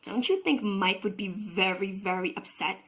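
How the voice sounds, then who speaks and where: A woman's voice: medium pitch, normal speed, a bit bright, low-quality recording. A woman talking casually and earnestly to her viewers about a lesson of faith, acting out quotes now and then. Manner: earnest, enthusiastic, acts out quotes. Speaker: vlogger and teacher. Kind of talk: casual devotional vlog talk.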